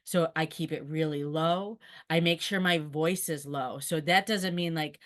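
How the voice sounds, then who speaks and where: Woman, special ed teacher, very low voice, earnest and practical, webinar call. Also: fairly even intonation, measured pace. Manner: earnest and explanatory, practical advice. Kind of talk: webinar presentation.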